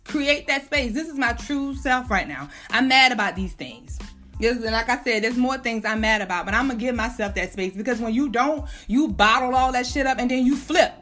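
A woman's voice: fairly high pitch, animated, moderate pace, a bit bright, soft background music. A woman hosting a casual podcast monologue, venting bluntly with profanity and slang. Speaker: podcast host.

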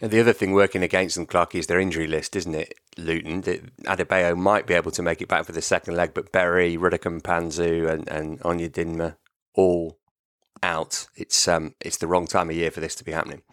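Deep-voiced man presenting sport. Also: level tone, a little fast, a bit bright, no room sound, clean studio sound. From half Welsh.

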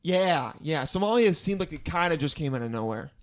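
A man's voice: a little high, expressive, brisk. A man co-hosting a comedy podcast, chatting in an easygoing, agreeable way. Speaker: podcast co-host. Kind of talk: casual comedy banter.

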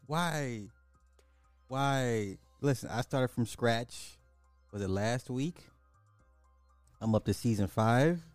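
Casual, animated male podcast host. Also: mid-range voice, slow pace, pauses often, no echo, faint music behind. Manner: loose, animated, greets chat viewers by name. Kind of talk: casual livestream chat.

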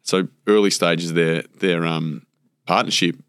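A man's voice: low-pitched, fairly even intonation, measured pace, a bit bright, smooth, no room sound, clean studio sound. An Australian man, a former cricketer, chatting as a guest and telling rambling stories full of fillers and acted-out quotes. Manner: rambling anecdotes with many fillers, acts out quotes. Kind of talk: casual storytelling interview.

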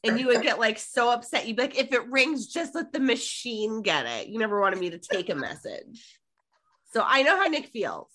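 A middle-aged woman co-hosting a casual podcast recaps an episode scene by scene at a moderate pace. Her slightly high voice rings bright, and her storytelling is animated as she slips into the characters' lines while retelling them.

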